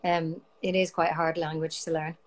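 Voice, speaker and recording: A woman's voice: low-pitched, little pitch movement, moderate pace. An Irish woman and band member playfully chatting and reading out viewer questions on a livestream. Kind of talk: casual chat on a livestream.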